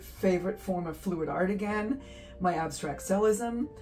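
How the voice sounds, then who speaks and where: A woman's voice: fairly low pitch, darkish tone, distant mic. A chatty, giddy woman talks casually as she paints in her home studio, laughing easily between thoughts. She sits a little back from the mic, and faint guitar music plays underneath her voice. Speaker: art channel host. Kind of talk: casual chat while painting.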